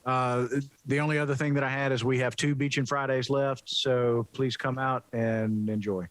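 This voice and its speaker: A man's voice: mid-range voice, level tone, normal speed, no room sound. A man on a city council giving polite, friendly remarks and motions at a meeting.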